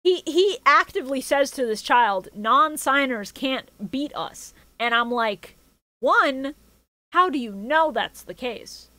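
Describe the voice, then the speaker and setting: Female podcast co-host, higher voice, dry close sound, sarcastic casual recap. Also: lively intonation, measured pace, bright, forceful tone, no room sound. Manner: sarcastic, joking, swears casually.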